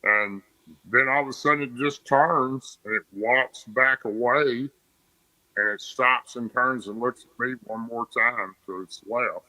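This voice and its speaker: A man's voice: medium pitch, a little slow, bright, forceful tone, no room sound, poor audio. A man from Tennessee, a podcast guest, telling a story in plain, rambling casual speech.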